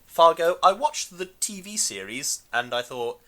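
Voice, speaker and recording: A man's voice: medium pitch, sing-song, moderate pace, fairly bright tone. A man co-hosting a podcast, chatting casually about a film in a rambling, hesitant way with many fillers. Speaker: podcast co-host.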